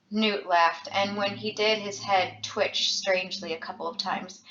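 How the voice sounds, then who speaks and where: A woman reads a novel aloud with a dramatic, expressive touch, her voice bright and forward. The room around her is echoey and the sound is a bit dull, like a lo-fi home recording. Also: mid-range voice, measured pace, hardly any pauses, a little hiss or hum. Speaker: audiobook reader.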